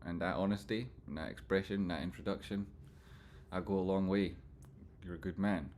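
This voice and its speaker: Scottish male stream host, lower voice, reads chat, swears casually, swings loud to soft. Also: steady tone, moderate pace, slight background noise. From Scotland. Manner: chatty, swears freely, swings from loud jokey outbursts to soft sincere asides. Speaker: livestream host reading chat.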